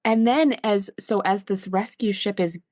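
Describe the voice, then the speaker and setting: A woman's voice: mid-range voice, unhurried, a little mellow, no room sound, clean studio sound. A woman co-hosting a podcast, chatting casually and rambling with easy laughs. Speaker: podcast co-host. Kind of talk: casual chat.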